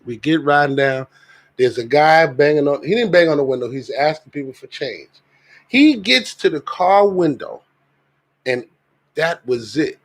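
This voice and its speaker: A man telling an animated story in casual chat as a podcast co-host. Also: a little high, moderate pace. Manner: animated, jumps into impressions.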